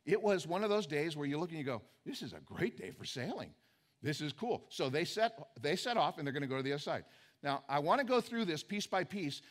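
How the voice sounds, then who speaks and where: Man, high-pitched, preaching, reads scripture then explains, conversational emphasis. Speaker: pastor. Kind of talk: sermon.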